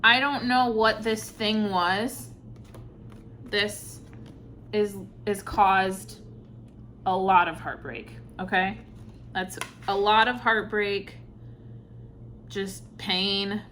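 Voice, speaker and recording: A woman giving an intuitive tarot reading, speaking softly and reflectively, with sighs and pauses between thoughts. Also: medium pitch, a little hiss or hum. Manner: slow, soft-spoken, reflective, with sighs and pauses. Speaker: tarot reader.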